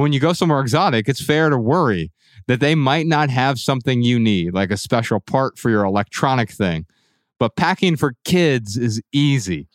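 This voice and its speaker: A medium-pitched man with a Midwestern American accent co-hosts a casual podcast, telling stories in a dry, clean studio recording. He's animated and playfully mimics other people's voices when quoting them.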